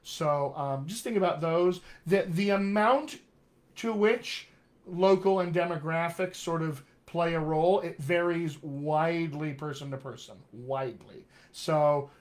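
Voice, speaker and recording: Male dialect coach, General American accent with West Texas traces, slightly high voice, emphatic and friendly on a live stream. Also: measured pace. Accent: General American with West Texas and upstate New York traces. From Colorado, USA. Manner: friendly, emphatic teaching with frequent "all right" and "my friends". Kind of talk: live online accent lesson.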